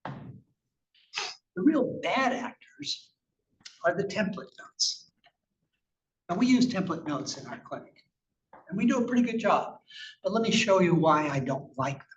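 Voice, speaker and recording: A man with a high, sing-song voice speaks at a measured pace and pauses often as he gives a conversational, emphatic conference talk on clinical research, using slides and posing rhetorical questions. The recording, made in a conference room, sounds echoey, distant and muffled, with faint noise.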